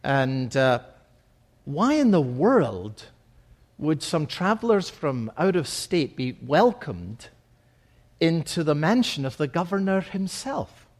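Man, pastor, high voice, sermon, expressive preaching, slows and softens on key phrases.

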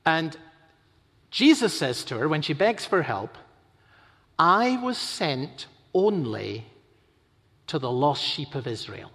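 High-voiced man preaching in reverberant hall. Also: sing-song. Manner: dramatic, swings from loud urgent emphasis to slow hushed quotation. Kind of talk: sermon.

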